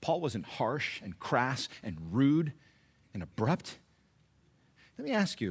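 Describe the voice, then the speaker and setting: A middle-aged male pastor preaching a sermon, swinging from loud exhortation to hushed, near-whispered pleading, with emphatic repetition and slow, drawn-out stresses. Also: medium pitch, expressive, slightly rough.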